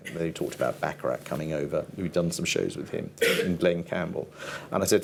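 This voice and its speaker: Older male TV producer, very deep voice, chatty anecdotal storyteller, faint background noise. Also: fairly even intonation, fairly quick, gravelly. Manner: rambling, laughs often, quotes people in voices. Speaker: TV format producer, interview guest.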